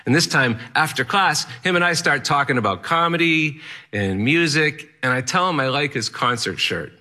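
A man's voice: a little high, animated, normal speed, sharp tone. A man telling a personal story in the first person, in an earnest, plainspoken and wry way.

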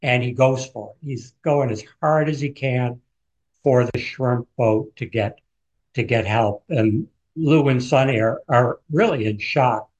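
A man's voice: mid-range voice, measured pace, a little mellow, husky, muffled recording. A man who is an author, vividly retelling a true story as a guest in a radio interview.

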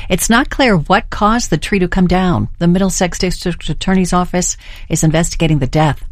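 A woman reading local news and weather in a steady, even way. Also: lowish voice, dry recording, clean studio sound. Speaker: local newscaster.

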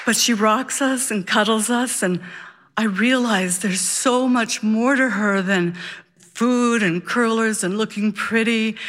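A woman telling a personal story live on stage, with dramatic pauses and short punchy sentences. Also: mid-range voice, a bit bright. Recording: long hall reverb.

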